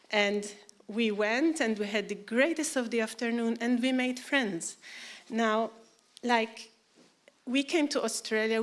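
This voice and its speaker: A woman from Malta, giving a personal testimony in church, telling her story in a lively way and acting out the voices she quotes. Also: fairly high pitch.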